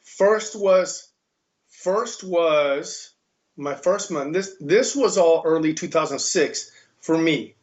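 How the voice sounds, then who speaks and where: Animated American man, lo-fi sound. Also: fairly high pitch, slow pace. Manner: animated, mimics voices in quotes. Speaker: podcast guest, kettlebell instructor. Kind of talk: casual storytelling. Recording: dull lo-fi sound.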